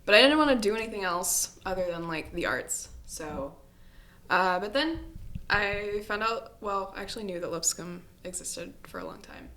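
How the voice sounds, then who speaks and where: A woman's voice: mid-range voice, expressive, normal speed, bright, forceful tone. A young woman, a guest on a podcast, chatting casually and rambling with lots of "like". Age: young adult. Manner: chatty, rambling, says "like" often. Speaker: podcast guest, animation student. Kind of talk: casual interview chat.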